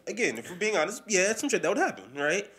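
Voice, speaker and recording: A man's voice: high-pitched, quick pace. A man co-hosting a podcast in casual, profane chat. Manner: animated, profane, mimics voices when quoting people. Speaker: podcast co-host.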